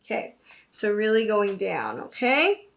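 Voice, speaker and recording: A young woman teaching a singing lesson, talking through warm-ups and singing vocal exercises, often checking in with "okay?". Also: mid-range voice, big pitch swings, measured pace, gravelly. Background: piano accompaniment.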